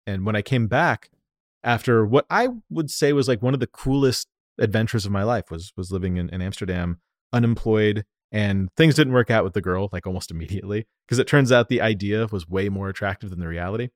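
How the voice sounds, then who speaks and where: A man from the United States, a company founder, telling stories in an animated, lively way during a casual interview. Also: lowish voice, fairly quick, no room sound, studio quality. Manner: animated, lively storyteller who acts out quotes.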